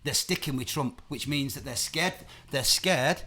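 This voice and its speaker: A man's voice: medium pitch, a little slow, bright, forceful tone. A man hosting a live-streamed chat show, talking in a heated, emphatic way and swearing often. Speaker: host.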